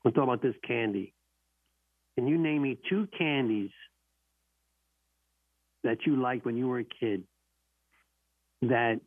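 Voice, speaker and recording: Man, talk host, emphatic, repeats himself, mid-pitched voice, narrow tinny phone-like audio, dry. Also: no echo. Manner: emphatic, repeats key phrases. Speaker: radio call-in host. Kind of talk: casual storytelling and quiz hosting.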